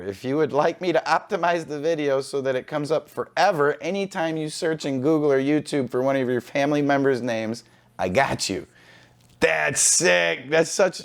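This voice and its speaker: Guy reading forum posts out loud for a reaction vid, blunt and sweary, cuts in with his own takes, normal mid pitch. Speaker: online reaction video host. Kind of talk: casual commentary reading forum posts aloud.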